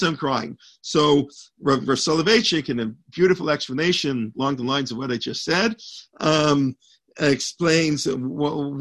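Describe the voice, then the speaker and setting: Rabbi guy teaching torah class, kinda high husky voice, rambly. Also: fairly bright tone. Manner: rambling, restarts, quotes Hebrew texts.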